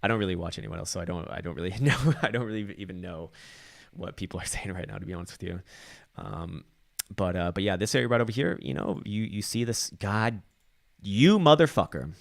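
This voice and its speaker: A man's voice: low-pitched, quick pace, creaky, dry recording, clean studio sound. A man giving casual market chart commentary, rambling and profane, with many fillers and restarts. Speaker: crypto chart analyst.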